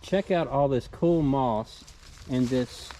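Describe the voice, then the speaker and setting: Poor audio with a little hiss or hum carries the mellow, mid-range voice of a middle-aged Southern US man vlogging a forest hike. He takes it slowly, easygoing as he narrates and gets enthusiastic over small things he finds along the trail.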